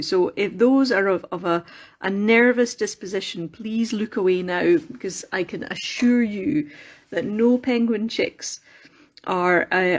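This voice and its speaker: A woman with a Scottish accent talks through her sculpting on a live chat, recorded on a phone in her workshop room in a mill. She rambles cheerfully, drifts onto tangents and then picks the thread back up. Her voice sits at an everyday middle pitch. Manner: rambling, chatty, wanders off on tangents. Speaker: craft livestreamer.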